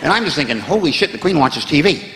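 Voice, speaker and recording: A man with an American accent telling a stand-up story in a wry way, dropping to low mutters for asides. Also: big pitch swings, fast, noisy background. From United States. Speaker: stand-up comedian. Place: large theatre stage before a live audience. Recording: echoey theatre hall, laughing crowd.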